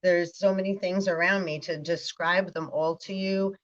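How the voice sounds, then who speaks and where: A woman's voice: lowish voice, fairly even intonation, moderate pace, highs cut off. A woman giving a rambling spiritual monologue, talking in a stream of consciousness and often checking in with "right". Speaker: spiritual vlogger.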